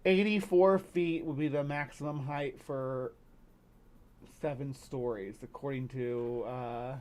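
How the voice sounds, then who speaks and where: A man hosting a live stream, thinking out loud in a rambling, incredulous way as he comments on a story. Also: mid-range voice, steady tone, takes it slowly. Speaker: host.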